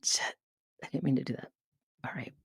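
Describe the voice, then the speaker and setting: A woman live-streaming a casual monologue, sarcastic and rambling, swearing often and breaking into quick asides. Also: whispered, over loud music. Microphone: studio mic up close.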